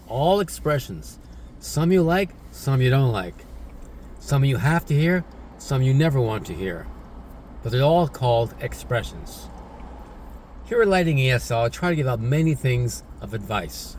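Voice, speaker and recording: A man's voice: medium pitch, darkish tone, a little hiss or hum. Man teaching, full of tag questions. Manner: repetitive, tag questions like "right?" and "isn't it?". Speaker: English teacher. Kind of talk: casual spoken lesson.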